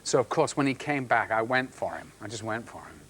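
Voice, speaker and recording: A man's voice: on the low side, expressive, a bit bright, slight background noise. Middle-aged male guest, anecdotal storyteller, stumbles and restarts, mimics others. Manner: halting restarts, acts out quoted voices. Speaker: actor guest. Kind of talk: anecdotal chat show storytelling.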